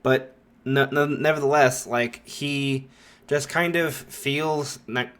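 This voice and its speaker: A man's voice: mid-range voice, fairly even intonation, slow pace, a bit bright, clean tone. A man narrating a fan story in a rambling, casual way, full of filler likes.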